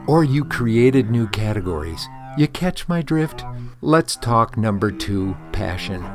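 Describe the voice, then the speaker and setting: A man presenting a scripted rant segment on a podcast, gruff and profane. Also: mid-range voice, a little mellow.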